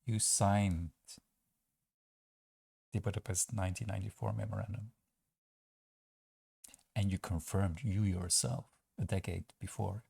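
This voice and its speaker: A man giving sarcastic political commentary, asking rhetorical questions and pausing on fillers. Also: sits low, creaky, mellow, slightly rough, dry recording. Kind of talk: opinion commentary over clips.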